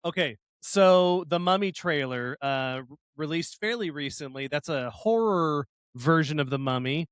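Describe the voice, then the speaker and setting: A man co-hosting a casual podcast, animated and laughing often as he acts out scenes. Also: on the high side, unhurried, hardly any pauses, clean tone, no room sound. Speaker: podcast co-host.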